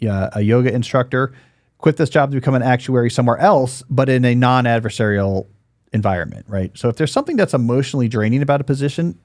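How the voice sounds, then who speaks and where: A man's voice: medium pitch, a little mellow, no room sound. Guy in his 40s hosting a podcast, chatty, lots of likes and uhs, dry jokes, close dry studio mic. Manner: chatty, dry joking, many fillers and restarts. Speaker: podcast host. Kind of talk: casual podcast chat and advice.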